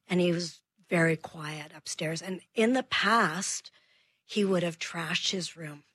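A woman, a child behavior expert, telling a radio host an animated story about her son and acting out both their lines. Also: fairly low pitch, slow pace, husky, no echo. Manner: animated, acts out her own and her son's lines.

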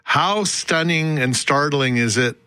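A man hosting a radio interview, asking gentle probing questions. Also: a little high, slow pace, smooth, no echo. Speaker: radio host.

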